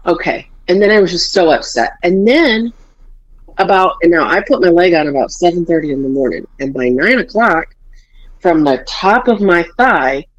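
A woman's voice: lowish voice, moderate pace. Bawdy storytelling woman, dull lo-fi sound. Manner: animated, bawdy storyteller acting out dialogue. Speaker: podcast host. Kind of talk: casual podcast chat. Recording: dull lo-fi podcast audio.

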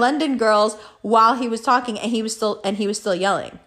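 A woman's voice: on the high side, fairly quick, hardly any pauses. A young woman telling a story to her viewers in a casual, profane monologue, acting out both sides of an argument. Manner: profane, animated, acts out both sides of a quarrel.

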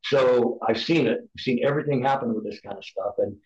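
Speaking briskly in a mid-range voice with a darkish tone, this middle-aged podcast guest shares frank testimony from his own life. His delivery is earnest, emphatic and preacher-like, and the lo-fi recording sounds roomy and dull.

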